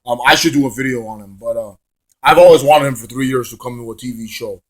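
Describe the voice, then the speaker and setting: A man's voice: medium pitch, fast talker. A man giving a casual, rambling, sarcastic vlog review of a wrestling show, swearing freely.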